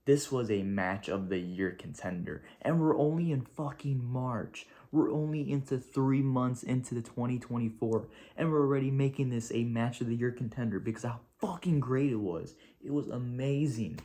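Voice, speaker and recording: A man talking through a wrestling show in a casual video review, excitable and gushing, swearing freely and rambling with slang. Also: mid-range voice, moderate pace, hardly any pauses.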